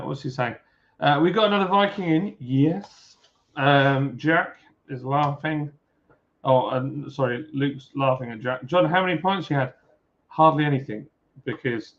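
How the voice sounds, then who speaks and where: A man's voice: mid-range voice, creaky. A man with a Yorkshire accent hosting a livestream from home, chatting casually and jokily with viewers while reading comments over a beer. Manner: chatty, jokey, lots of filler "uh"s. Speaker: livestream host. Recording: dull lo-fi stream audio.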